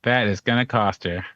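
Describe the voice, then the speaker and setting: Male co-host, mid pitch, relaxed and agreeable, dry slightly dull sound. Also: no echo. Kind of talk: casual chat on a call-in show.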